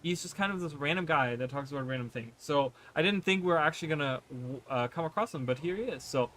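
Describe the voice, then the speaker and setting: A man's voice: a little high, fast talker, hardly any pauses, fairly bright tone, a little hiss or hum. Chatty man streaming a game. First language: not English. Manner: rambling, many fillers and restarts. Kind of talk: casual gameplay commentary.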